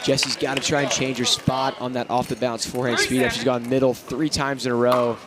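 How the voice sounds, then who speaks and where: A man calling pickleball live from courtside, gushing about the players and getting loud on big points. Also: mid-range voice, level tone, brisk, over loud music. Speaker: pickleball commentator. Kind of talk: live sports commentary. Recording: loud crowd and noise. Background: crowd and court noise.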